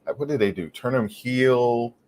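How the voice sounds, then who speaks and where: A man's voice: mid-range voice, normal speed, a little mellow, rough recording. A man co-hosting a stream, rambling casually about wrestling storylines over a glitching mic. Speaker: co-host of a wrestling watch-along stream. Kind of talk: casual chat. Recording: mic glitching, faint noise.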